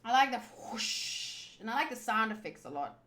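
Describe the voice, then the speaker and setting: Casual woman, high lively voice, rambling readthrough commentary. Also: moderate pace. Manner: rambling, chatty, many fillers. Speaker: YouTuber reading a comic aloud.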